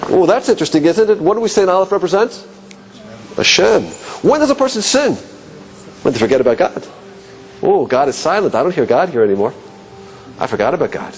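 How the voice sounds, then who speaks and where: A man teaching a class, asking rhetorical questions and musing aloud, dropping low and quiet on key points. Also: a little hiss or hum. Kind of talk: classroom lecture.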